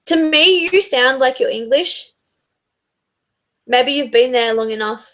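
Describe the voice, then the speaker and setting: A woman with an Australian accent co-hosting a casual book club chat, eager and quick to laugh along. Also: high-pitched, lively intonation, a bit bright.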